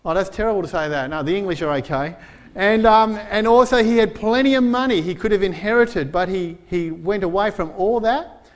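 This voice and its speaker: A male pastor preaching a sermon in an earnest way, slowing down to stress quoted verses. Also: high voice. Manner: frequent fillers and restarts while preaching.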